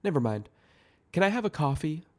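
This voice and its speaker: A man reading a young woman's lines in an audio screenplay, talking down to her boyfriend in a soft, condescending voice. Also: fairly high pitch, big pitch swings, fairly quick, voice pushed up. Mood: suspicious. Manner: condescending, mock British accent at times.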